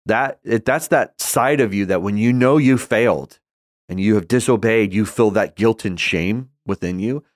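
Earnest low-voiced man teaching scripture. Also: normal speed, dry recording, clean studio sound. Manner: earnest, emphatic, grows impassioned. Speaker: Christian teacher. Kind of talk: conversational Bible teaching.

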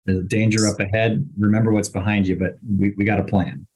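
An older man with a husky, low voice speaks as a panel guest. He gives folksy, practical advice in a plain, steady manner. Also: brisk. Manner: folksy, uses plain metaphors. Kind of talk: casual panel discussion.

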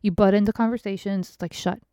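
A woman's voice: mid-range voice, fairly even intonation, fast, warm tone, no echo, studio quality. A middle-aged woman hosting a podcast, telling a rambling, frank story with plenty of swearing, restarts and asides. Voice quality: frank, swears freely, laughs between stories. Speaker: podcast host. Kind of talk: casual podcast monologue.

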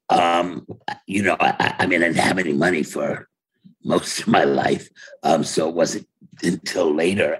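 Very husky, gravelly older man. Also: low-pitched, poor audio. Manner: wry, storytelling, laughs often. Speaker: interview guest, playwright. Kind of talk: casual conversational interview. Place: home office. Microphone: video call.

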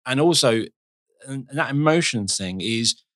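A man with a South London accent hosting a podcast, talking in a relaxed, agreeable and reflective way. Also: mid-range voice, normal speed, dry recording. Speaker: podcast host. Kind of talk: podcast conversation.

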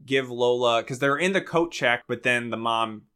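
Chatty, bright-voiced man. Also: medium pitch, normal speed, clean tone. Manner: chatty and sarcastic, lots of "like". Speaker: podcast co-host. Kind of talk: casual chat recapping a movie.

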